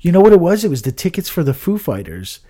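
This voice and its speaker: A man's voice: sits high, big pitch swings, fast, dark tone. A man chatting casually on a podcast, rambling, swearing often and trailing off with "I don't know.". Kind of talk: casual chat.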